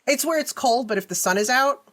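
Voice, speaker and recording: Woman, bright husky tone, podcast co-host; reactive sidekick, lots of laughs and blunt swearing. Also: high-pitched, quick pace. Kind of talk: casual chat, reacting.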